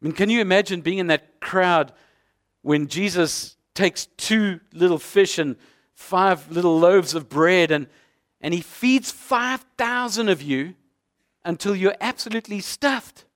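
Man, pastor, sermon, vivid storytelling, rhetorical questions, slightly high voice. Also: unhurried, fairly bright tone.

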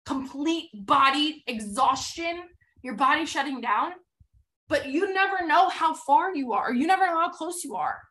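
A woman hosts a motivational podcast, telling a story to her listeners. Her voice sits high and sounds bright and forward. She talks in an animated, emphatic way, acting out the quoted dialogue and leaning on repetition for effect. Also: a little slow. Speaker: podcast host.

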